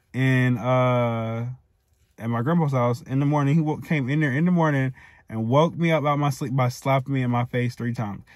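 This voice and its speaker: A man's voice: mid-range voice, dry recording, clean studio sound. A man in his twenties casually telling a personal story, heated and profane, rambling with many fillers and restarts. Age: 20s. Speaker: storytime vlogger.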